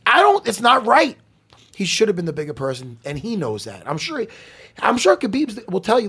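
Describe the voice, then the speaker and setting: Gravelly, animated male co-host. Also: high-pitched, brisk. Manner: animated, swearing, bursts into shouting. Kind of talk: casual chat.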